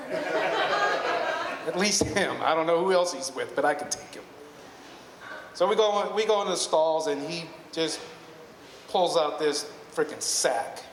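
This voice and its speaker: A man's voice: fairly high pitch, sing-song, takes it slowly, long pauses, fairly bright tone. A man telling a personal story live to an audience, chatty and rambling, often correcting himself. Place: hall at a live storytelling evening. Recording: echoey hall with long reverb, faint noise.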